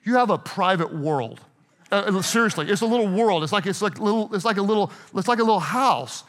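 High-voiced pastor preaching in a hall. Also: male voice, brisk. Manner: storytelling, animated, self-interrupting with repeated restarts. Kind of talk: sermon. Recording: hall reverb.

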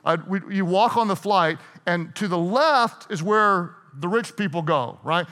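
A middle-aged man preaching a sermon, telling stories in an animated way, restarting and repeating himself. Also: high-pitched, a little slow. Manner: storytelling, animated, self-interrupting with repeated restarts. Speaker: pastor. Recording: hall reverb.

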